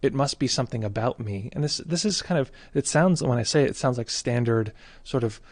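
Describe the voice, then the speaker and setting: A man speaking as a meditation teacher in a casual livestream talk, reflective and halting with many fillers and restarts. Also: mid-range voice, a little mellow, no echo.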